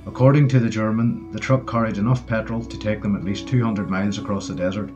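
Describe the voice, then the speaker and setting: A man narrates a wartime story in a steady, low voice. The recording is dull and muffled, with faint music playing behind him. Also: fast talker. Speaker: audiobook narrator. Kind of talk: scripted narration.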